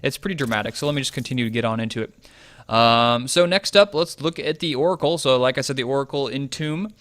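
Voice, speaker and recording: A man talks through game changes in a loose, chatty way, pausing with fillers as he thinks aloud. His voice is bright and forward. The sound is dry and close, with no room around it. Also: mid-range voice, no room sound. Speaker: gaming video host. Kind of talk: casual game commentary.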